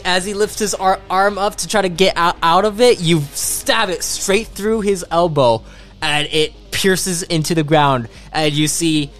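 A man's voice: fairly high pitch, fairly bright tone. A man narrating a tabletop role-playing game as game master, stumbling and restarting his sentences. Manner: halting, many restarts.

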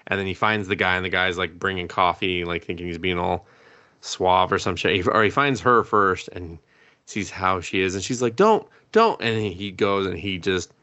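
A man with a low, gravelly voice and a bright, forceful edge tells the story of an episode to his co-host. He swears freely and slips into acted-out quotes as he goes, in a loose, casual podcast chat. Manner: profane, animated storytelling, acting out quotes. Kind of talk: casual recap of an anime episode.

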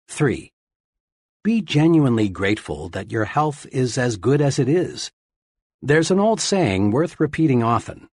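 Husky-voiced man reading self-help. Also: mid-range voice, a little slow, no room sound, clean studio sound. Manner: steady, earnest, instructive reading. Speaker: audiobook narrator. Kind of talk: scripted self-help narration.

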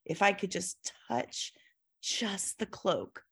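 A woman's voice: mid-range voice, animated, takes it slowly, fairly bright tone, breathy edge. A woman guest on a podcast, talking earnestly about scripture and leaning on her key words. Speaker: Bible teacher guest. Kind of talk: reflective faith discussion.

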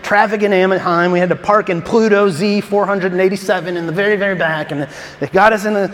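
A man voicing a glum older male office coworker, a grandfather, who recounts things in a flat, plodding way. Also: sits high, quick pace. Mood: deflated. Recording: long reverb in a large hall.

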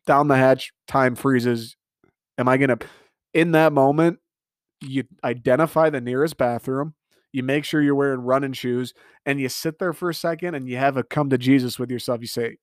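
A young man delivering an animated comedic rant monologue, exasperated and laughing at his own jokes. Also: mid-range voice, normal speed, no room sound, clean studio sound.

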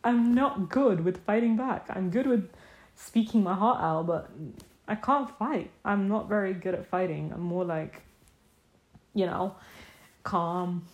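A woman's voice: mid-range voice, a little slow. A young woman talking alone on her podcast, impassioned and emphatic, firing off repeated rhetorical questions. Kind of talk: casual solo podcast monologue.

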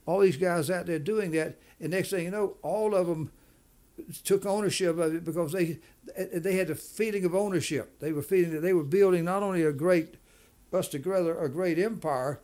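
A man's voice: high-pitched, moderate pace, a little mellow. A man speaking as a business leader in an interview, emphatic, often repeating and restarting his words. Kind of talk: conversational interview.

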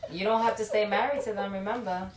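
A woman's voice: medium pitch, fairly even intonation, quick pace, roomy sound, poor audio. Blunt, profane woman in casual chat.

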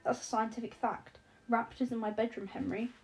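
A woman's voice: a little high, fairly even intonation, fairly quick, a little mellow, close to an everyday voice. A woman voicing a jittery, sarcastic young man who talks in exasperated, rambling, profane bursts. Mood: anxious.

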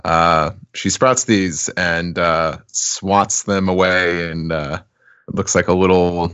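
A man with a low voice hosting a podcast, casually talking through a comic chapter. He chuckles and hams up the quoted lines. The recording is dry and a little muffled. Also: steady tone, slow pace, fairly bright tone, clear, resonant tone, no echo. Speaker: podcast host.

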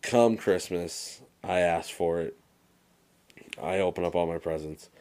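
Deep-voiced young man telling stories. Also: measured pace. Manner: animated storyteller, swears freely, acts out movie quotes. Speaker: podcast co-host. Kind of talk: casual chat.

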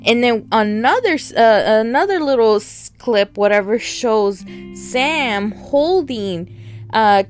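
A woman reviewing new shows in a casual, chatty way, excitable and full of fillers. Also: medium pitch. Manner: chatty and excitable, many fillers, laughs while talking. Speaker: podcast host reviewing shows.

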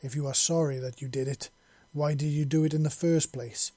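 In a man's storybook reading, a fierce young alien warrior woman growls her demands. The voice is husky with a flat, even line, and the recording is dry. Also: mid-range voice, normal speed, no room sound, close to an everyday voice. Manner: growling, furious.

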